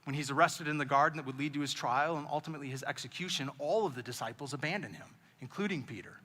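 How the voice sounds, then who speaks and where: A man preaching a sermon as pastor, telling the story in an animated way and acting out the lines he quotes. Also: fairly high pitch, quick pace, long reverb tail. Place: church auditorium.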